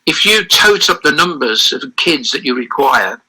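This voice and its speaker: Older guy reminiscing in an interview, animated, keeps restarting his sentences, really sharp bright voice. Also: fairly high pitch, moderate pace, poor audio. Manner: animated, rambling anecdotes with many restarts. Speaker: interview guest. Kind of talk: reminiscing interview over a call.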